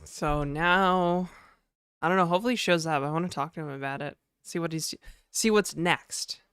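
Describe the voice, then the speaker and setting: A man's voice: a little high, steady tone, moderate pace, a bit bright, clean tone, dry recording, studio quality. A young man livestreaming casually, slightly nasal from a cold, chatting and rambling as he greets viewers by name. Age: young adult. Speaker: livestreamer and game developer.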